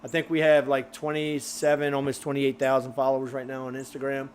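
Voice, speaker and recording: A man hosts a grilling livestream, chatting loosely and rambling with lots of fillers as he reads viewer comments, a little out of breath. His mid-range voice is monotone and a bit fast, with slight background noise.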